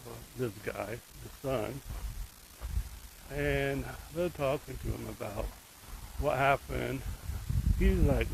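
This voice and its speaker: A man's voice: medium pitch, slow pace, creaky, long pauses, darkish tone, slight background noise, low-quality recording. A man casually retelling a true crime case, rambling and emotionally invested, with asides to the viewer. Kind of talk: casual storytelling.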